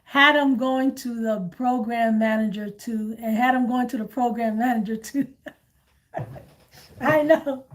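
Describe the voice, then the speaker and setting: High-voiced woman chatting bluntly. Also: unhurried. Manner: animated, blunt, laughs often. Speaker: host. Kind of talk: casual chat.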